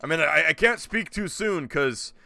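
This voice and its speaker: A man's voice: on the high side, expressive, moderate pace, creaky, pushed and bright. A man streaming a video game, rambling and joking with his chat as he plays. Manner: rambling, jokey, talks to chat. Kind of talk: casual gameplay commentary.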